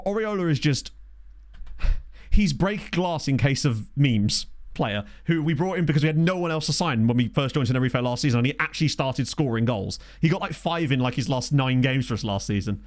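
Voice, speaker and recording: A man's voice: mid-range voice, animated, normal speed, no room sound, clean studio sound. A young man giving chatty, jokey commentary while playing a game and thinking aloud. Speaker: gaming commentator. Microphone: studio desk mic.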